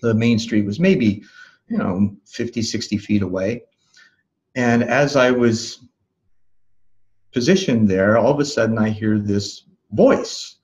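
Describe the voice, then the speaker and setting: A man being interviewed as a life coach, recounting a memory in a calm, thoughtful way with soft laughs and restarts. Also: on the low side, slow, highs cut off. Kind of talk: reflective interview storytelling.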